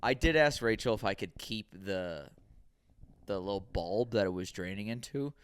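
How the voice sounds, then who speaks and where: A man's voice: lowish voice, expressive, normal speed, clear, resonant tone. A man co-hosting a casual podcast, telling rambling stories and acting out quoted dialogue. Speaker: podcast co-host.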